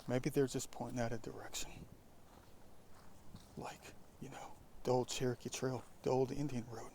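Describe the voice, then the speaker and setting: A man's voice: mid-range voice, little pitch movement, normal speed, creaky, warm tone, slight background noise. A man narrating a casual outdoor vlog, musing to himself and often dropping into a whisper while picking up trash in the woods. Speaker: vlogger. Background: insects and crickets.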